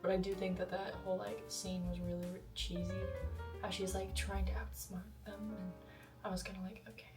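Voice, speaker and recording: A woman's voice: mid-range voice, little pitch movement, normal speed, over loud music. A young woman vlogger chatting about a film in a rambling, casual way, full of fillers and asides. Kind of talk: casual film review monologue. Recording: roomy echo, voice a bit far from mic.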